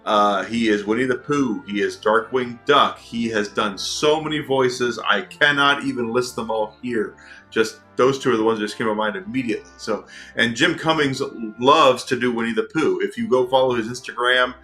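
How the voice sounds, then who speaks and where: A chatty, excitable young man giving casual commentary while playing a video game. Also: mid-range voice, moderate pace, soft background music. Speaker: gaming video host. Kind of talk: casual let's-play commentary.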